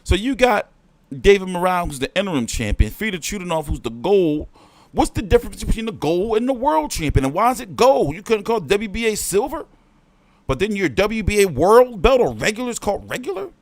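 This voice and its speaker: A very animated man hosts a boxing livestream, ranting briskly in heated, profane bursts with big swings in pitch and volume. The recording has no echo.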